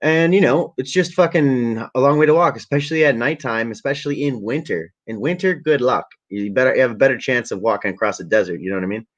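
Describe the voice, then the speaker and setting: A young man from the Ottawa area telling a long, profane story in a relaxed, rambling way to a camera at home. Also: medium pitch, quick pace, hardly any pauses. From Ottawa area, Canada. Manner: rambling, profane, laid-back. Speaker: vlogger. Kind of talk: casual storytelling. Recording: dull lo-fi webcam audio.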